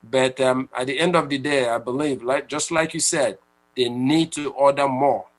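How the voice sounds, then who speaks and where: A man's voice: medium pitch, fairly even intonation, normal speed, poor audio. A man hosting a radio talk show, speaking in a conversational way with restarts and repeated words.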